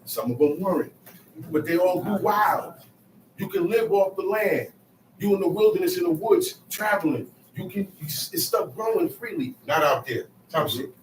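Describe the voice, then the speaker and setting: In an echoey room picked up by a distant mic with faint noise, a man leads a small-group Bible study. His high, expressive voice moves at normal speed as he preaches on scripture emphatically, acting out quotes and calling on listeners.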